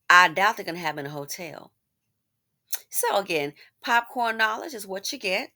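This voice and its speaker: A woman's voice: mid-range voice, normal speed. Sarcastic woman hosting a commentary video. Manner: sarcastic, animated, swinging between loud asides and muttered remarks. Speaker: commentary channel host.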